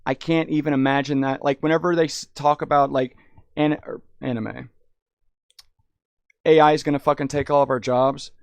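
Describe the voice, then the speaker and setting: Rambling man, gravelly voice. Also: medium pitch, level tone, moderate pace, dry recording. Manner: rambling, swears a lot, says "dude" often. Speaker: VR streamer. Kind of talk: casual rambling chat. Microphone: headset in VR.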